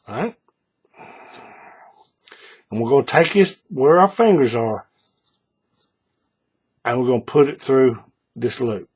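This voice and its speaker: A man calmly talking through a paracord bracelet tutorial step by step, patient and repetitive, often checking in with the viewer. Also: mid-range voice, takes it slowly, long pauses, slightly rough. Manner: patient, repeats steps, checks in with "all right?". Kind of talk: hands-on craft tutorial.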